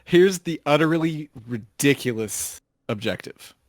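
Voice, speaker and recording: Brief: male co-host, unhurried and hesitant, dry close mic. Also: fairly high pitch, lively intonation, no echo. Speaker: co-host, scorekeeper. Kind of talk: casual gaming chat.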